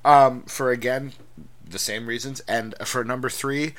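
A man hosting a loose conversational show. His voice sits at an ordinary pitch, and he often stumbles over the first words of a sentence before settling in. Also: steady tone, a bit bright. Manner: halting, repeats words when starting. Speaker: podcast host. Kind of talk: casual wrestling chat.

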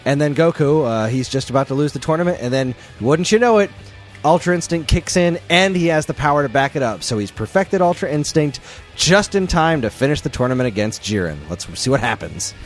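A man co-hosting a podcast, recapping an episode in an excitable, slangy, casual way. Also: a little high, a little fast, soft background music. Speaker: podcast co-host.

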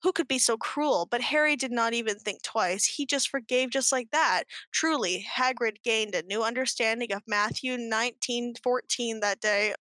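A woman's voice: on the high side, moderate pace, hardly any pauses, sharp tone, dry recording. A woman co-hosting a show, reading fanfiction aloud in a mock-earnest, giggly way. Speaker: podcast co-host.

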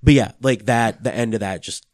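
A man's voice: medium pitch, moderate pace, a little mellow, no echo. A young man co-hosting a casual podcast chat, rambling with lots of "like" and swearing freely. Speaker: podcast co-host.

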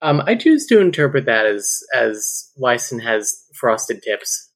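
A woman with a mid-range voice shares her notes on a book in a wry, deadpan tone. She hesitates with fillers before landing her dry jokes. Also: a bass voice, a little slow. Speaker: book podcast co-host. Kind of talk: casual book-club chat.

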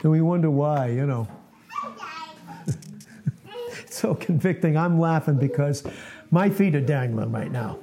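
A man's voice: on the high side, expressive, measured pace, pauses often, dark tone. A man in his late sixties preaching an informal, earnest sermon to a small fellowship, often laughing at himself. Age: 60s.

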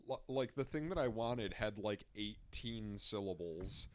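A young man with a lowish voice tells meandering stories on a casual podcast, stacking fillers as he goes. The recording is dry and close. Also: a little slow, fairly bright tone, no room sound. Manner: storytelling with many "like" fillers. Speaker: podcast co-host.

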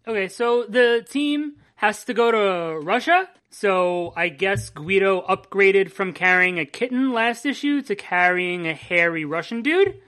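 A woman co-hosting a casual comic book podcast, sarcastic and quick to laugh. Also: medium pitch, a bit bright. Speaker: podcast co-host.

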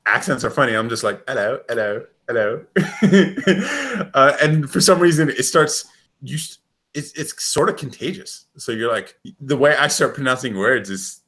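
A man from the United States chatting casually as a co-host, rambling and animated, swearing freely and laughing often. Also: medium pitch. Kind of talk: casual chat.

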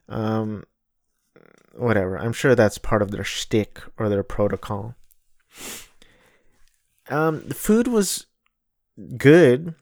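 A man's voice: fairly low pitch, expressive, slow pace, long pauses, a little mellow, no room sound, studio quality. A man in his thirties telling a rambling travel story in a casual, wry way, often correcting himself mid-sentence. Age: 30s.

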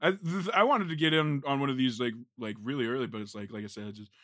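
Laid-back guest man, bright dry voice. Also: mid-range voice, fast, no echo. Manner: laid-back and enthusiastic, slangy. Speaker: guest voice actor. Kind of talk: casual chat.

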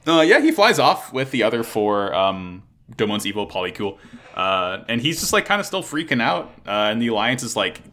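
A man casually recapping a show episode with a podcast co-host, excited and swearing freely. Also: on the low side. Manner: excited, swears a lot, quick restarts.

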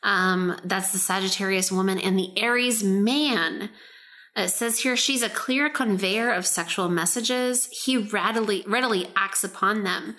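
A woman's voice: mid-range voice, measured pace, sharp tone, poor audio. Woman reading in a hammed-up sultry voice. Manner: reads in a hammed-up sultry voice, breaks into laughter. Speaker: podcast host. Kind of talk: casual chat, reading aloud from a book.

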